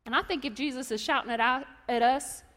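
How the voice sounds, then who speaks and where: A woman preaching a sermon to a congregation, telling lively stories and acting out voices and shouts. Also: high voice, fairly quick. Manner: animated storytelling, acts out voices and shouts. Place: church hall. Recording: long hall reverb.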